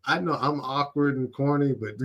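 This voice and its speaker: A man hosting a stream, reacting casually with slang, frequent laughter and quick apologies for cursing. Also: mid-range voice, a bit bright, dull audio. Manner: laughs often, slangy, curses then apologizes. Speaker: streamer host.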